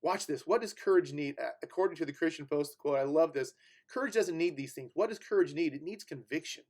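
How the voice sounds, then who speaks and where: A man with a fairly high voice delivers a sermon from a church pulpit. He moves between plain teaching talk and weighty scripture reading, pressing hard on key words, with fillers and restarts along the way. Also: lively intonation, fairly quick, darkish tone. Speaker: preacher. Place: church sanctuary.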